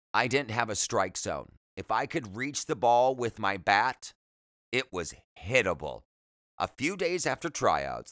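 A man narrating his childhood memoir in a plain, unhurried storytelling manner. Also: medium pitch, fairly bright tone, no echo, clean studio sound. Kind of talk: reading a memoir aloud.

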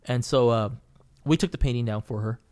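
A man's voice: medium pitch, brisk, darkish tone. A man, a painter and podcast guest, telling a story in casual chat, swearing freely and rambling through fillers and restarts.

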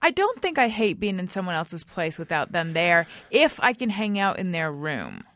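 A woman hosting a podcast, asking a guest questions in a casual, animated chat. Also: fairly low pitch, normal speed, dry recording. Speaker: podcast host.

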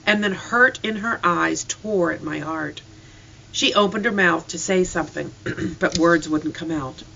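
Earnest reader telling a storybook, bright sharp voice, dull lo-fi sound. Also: medium pitch. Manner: earnest, emotional reading. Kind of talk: scripted narration of a storybook.

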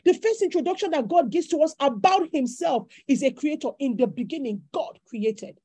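High-voiced woman preaching emphatically. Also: lively intonation, normal speed, mellow, no echo. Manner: emphatic, repetitive preaching cadence. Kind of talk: sermon.

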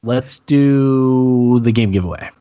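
A man with a raspy voice, co-hosting a casual podcast chat and steering the show along. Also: medium pitch, slow pace, lo-fi sound. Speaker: podcast co-host.

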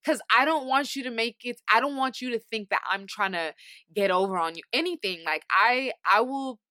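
Bright-voiced young woman, rambling. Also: fairly high pitch, normal speed, no room sound. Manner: rambling, self-deprecating, heavy on fillers. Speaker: podcast co-host. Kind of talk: casual chat.

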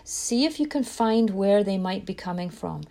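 Earnest woman giving parenting advice, mellow voice. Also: mid-range voice, animated, moderate pace, creaky. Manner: earnest, reflective, with small restarts. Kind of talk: direct-to-camera parenting talk.

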